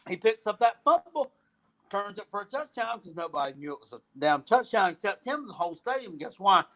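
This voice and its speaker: A man's voice: sits high, sing-song, fairly quick, bright, forceful tone. A man hosting a casual sports rant, profane and rambling, with frequent restarts and trailing thoughts. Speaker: podcast host.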